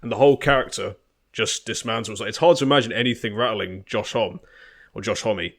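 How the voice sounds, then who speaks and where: A man co-hosting a podcast, giving a relaxed, conversational take on an album. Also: on the low side, a little fast. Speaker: podcast co-host. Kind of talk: casual album review chat.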